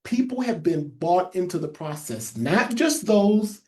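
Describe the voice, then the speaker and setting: Mellow-voiced man with a lisp. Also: high-pitched, lively intonation, a little slow. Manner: emphatic, repeats key phrases for note-takers. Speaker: public health trainer. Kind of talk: webinar presentation.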